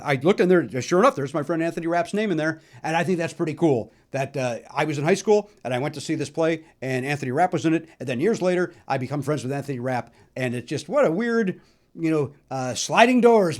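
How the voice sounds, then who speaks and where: A middle-aged man from the Chicago area hosting a solo podcast, telling stories in a chatty, animated way with lots of fillers. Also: a little high. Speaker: podcast host. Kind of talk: solo musical nostalgia talk.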